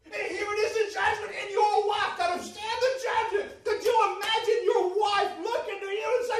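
A man preaching a sermon, telling stories that build to fervent shouting, in a large church hall on a distant microphone. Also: very high-pitched, steady tone, normal speed. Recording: echoey hall from far off.

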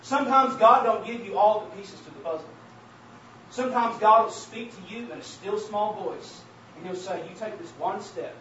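A man preaching a sermon and sharing his testimony, calling out to the congregation as saints of God and building to emphatic shouts. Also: sits high, normal speed. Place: church hall. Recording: very echoey, distant, dull church recording with faint hiss.

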